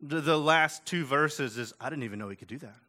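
A man's voice: fairly high pitch, a little fast, pushed and bright. A male pastor giving a chatty, conversational sermon full of asides and rhetorical questions. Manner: casual, chatty and self-deprecating, with frequent "like" and "right?".

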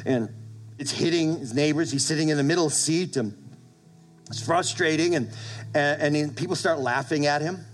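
A man's voice: a little high, moderate pace, soft background music. A male pastor preaching a sermon to his congregation, emphatic, repeating phrases and restarting with stammers. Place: church service with congregation.

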